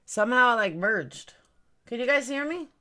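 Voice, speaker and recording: A woman's voice: fairly high pitch, animated, moderate pace, bright, forceful tone. A woman hosting a casual livestream, rambling about her stream settings and greeting viewers by name. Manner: puzzled, fiddling with stream settings. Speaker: livestream host.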